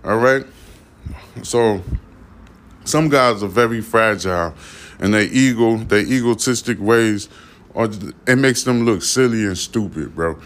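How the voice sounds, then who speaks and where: On his podcast, a man gives casual commentary that's blunt and profane, loaded with fillers and repetition. His voice is lowish, his pace a little slow, and he pauses often.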